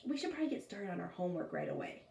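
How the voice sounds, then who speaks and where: A woman reading aloud and voicing a timid, reluctant schoolboy who speaks quietly and hesitantly. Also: lowish voice, very animated, rapid-fire, vocal fry, exaggerated voice. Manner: quiet, hesitant, near a whisper. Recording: echoey room, far from the mic.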